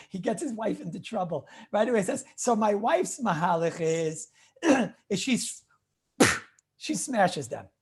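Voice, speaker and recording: A rabbi gives an informal lecture on Jewish law, his voice sitting high. He tells anecdotes animatedly, often repeating phrases and clearing his throat.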